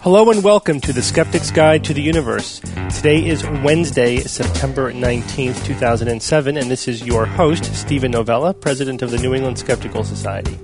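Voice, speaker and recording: A man hosting a podcast panel, introducing his co-hosts and telling news stories in a steady, explanatory way. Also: mid-range voice, a little fast, few pauses, music in the background. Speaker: podcast host. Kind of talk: casual panel chat.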